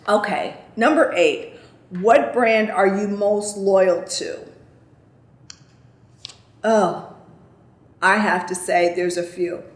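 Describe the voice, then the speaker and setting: A medium-pitched woman's voice, heard with reverb, belongs to a vlogger casually answering questions from viewers. She is chatty and emphatic, frequently checking in with "okay?" and repeating "I kid you not".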